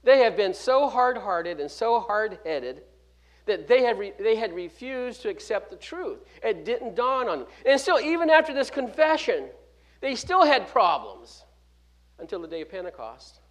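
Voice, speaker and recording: High-voiced man preaching with emphatic swings. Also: lively intonation, moderate pace. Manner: emphatic preaching with sharp swings from loud to hushed; fills gaps with 'uh' and restarts words mid-phrase. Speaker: pastor. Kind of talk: sermon.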